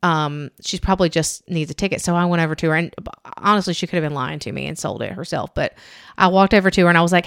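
Woman podcast host, lowish smooth voice, rambling storyteller, dry sound. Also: fast, fairly bright tone, no room sound. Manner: rambling, chatty, heavy use of "like", acts out quotes. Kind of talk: casual chat, storytelling.

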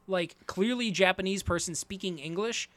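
A man's voice: high-pitched, normal speed, fairly bright tone, dry recording. A man in casual chat, recapping an anime plot with swearing, fillers and many restarts. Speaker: podcast co-host recapping an anime.

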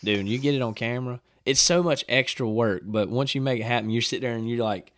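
Guy telling a hunting story, gets loud and excited acting out quotes, dry close mic. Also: medium pitch, a little fast, no echo. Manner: animated storyteller, acts out quotes, laughs often. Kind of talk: casual chat.

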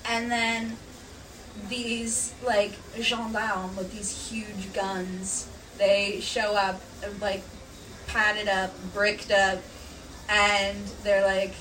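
A young woman, a podcast guest, telling stories in a casual, animated way with many "um"s and "like"s. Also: medium pitch, slow pace. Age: young adult. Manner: animated storytelling, filler "um" and "like". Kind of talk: casual chat. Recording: distant mic, faint background noise.

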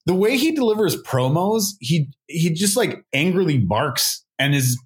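Animated man swooping up and down. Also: a little high, unhurried, few pauses. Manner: animated, swooping, jokey storytelling. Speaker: podcast co-host. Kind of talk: casual chat.

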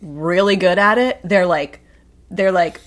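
A woman's voice: on the low side, measured pace. A woman co-hosting a podcast in casual chat, jokey and chatty, acting out voices in her stories. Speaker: podcast co-host.

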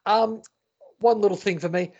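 Aussie guy with a high voice, banter and mock outrage, podcast audio a bit dull. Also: fairly even intonation, normal speed, creaky, a little mellow. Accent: Australian. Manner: joking, mock-indignant banter. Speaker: podcast co-host. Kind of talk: casual sports chat.

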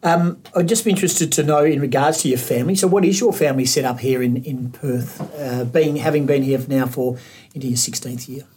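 A man's voice: mid-range voice, brisk, a little mellow, husky. A man with an Australian accent hosting a podcast interview, asking long, rambling questions with many restarts. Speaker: podcast host.

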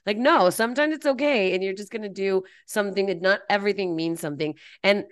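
A woman co-hosting a podcast, chatting casually with animated asides and frequent laughter. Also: mid-range voice, fast, hardly any pauses, no echo, studio quality. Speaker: podcast co-host. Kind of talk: casual chat.

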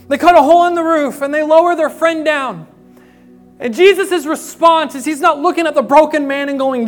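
A young adult man, a pastor, preaching a sermon with storytelling, moving from hushed, quiet passages to emphatic rises. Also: very high-pitched, moderate pace, faint music behind. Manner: storytelling, voicing quoted people, swings from hushed to emphatic.

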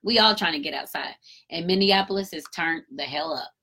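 A woman giving an emphatic, animated casual commentary, a parent talking in her own voice. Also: lowish voice, fairly quick. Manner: emphatic, animated storytelling with acted-out quotes.

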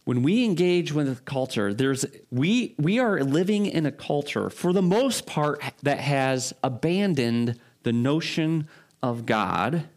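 A man preaching a sermon as a pastor, informal and loose, often checking in with listeners. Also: mid-range voice. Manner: informal, frequent fillers and restarts, rhetorical check-ins. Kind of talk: conversational sermon.

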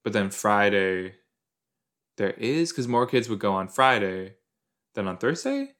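A man's voice: lowish voice, sing-song, a little slow, a bit bright. A man hosting a podcast, chatting casually and thinking aloud with a rambling, joking manner into a desk microphone. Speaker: podcast host. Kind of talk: casual rewatch commentary. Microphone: desk microphone with a cord.

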